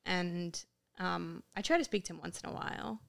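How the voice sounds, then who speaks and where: A young woman in casual podcast chat, telling animated stories and acting out the people she quotes. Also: lowish voice, moderate pace, vocal fry. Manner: animated storyteller, acts out quotes in Italian.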